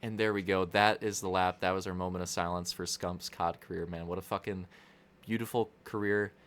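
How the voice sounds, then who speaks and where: A man's voice: low-pitched, fairly even intonation, brisk, a bit bright. A young man giving casual, joking commentary on a video game race, rambling into crude asides.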